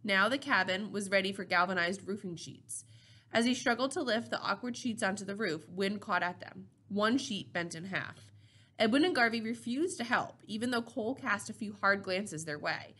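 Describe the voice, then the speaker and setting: A woman narrating a novel chapter in a steady, measured reading voice. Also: medium pitch. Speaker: audiobook reader.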